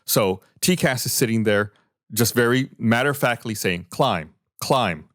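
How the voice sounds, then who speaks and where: A man's voice: mid-range voice, normal speed, fairly bright tone, no echo, clean studio sound. A man hosting a podcast, explaining events and reading findings in a loose, conversational way. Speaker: podcast host. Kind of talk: casual podcast discussion.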